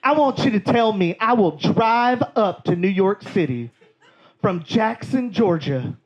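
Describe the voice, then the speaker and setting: A man's voice: sits high, lively intonation, measured pace, muffled recording. Man doing a shrieking aunt. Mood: gushing. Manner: shrieking, breathless enthusiasm. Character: excitable Southern aunt, loud and gushing.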